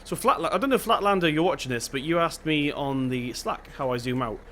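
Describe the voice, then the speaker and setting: A man's voice: on the high side, fairly quick, a bit bright, a little hiss or hum. Chatty young man with a Devon accent. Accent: Devon English. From England (Devon). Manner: chatty, thinking aloud while playing. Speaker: gaming channel host. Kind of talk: casual gameplay commentary.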